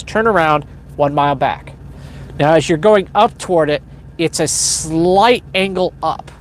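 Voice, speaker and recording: A man's voice: a little high, slight background noise. A man hosting a livestream, telling a long story in a casual, rambling way, correcting himself and chuckling often. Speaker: livestream host. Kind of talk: casual spoken storytelling to a live chat.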